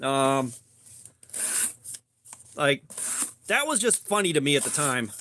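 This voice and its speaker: A man's voice: medium pitch, big pitch swings, takes it slowly, pushed and bright, slight background noise. A man hosting a casual livestream, rambling loosely with lots of "like" and some swearing, and greeting chat viewers by name. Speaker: livestream host.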